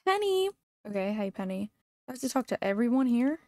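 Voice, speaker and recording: A young woman jokes and teases her way through a farming game with a sassy, playful bite. Her voice sits fairly high, and the recording is dry and close with no room sound. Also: very animated, brisk, dark tone, no room sound. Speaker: gaming YouTuber. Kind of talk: casual gameplay commentary.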